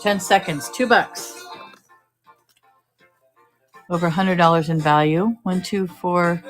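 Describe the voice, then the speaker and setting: A woman selling postcards on a live-stream auction, talking briskly and joking as she sorts through stacks. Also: on the low side, faint music behind, poor audio. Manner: brisk, joking, thinking aloud while sorting items. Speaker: online auction seller.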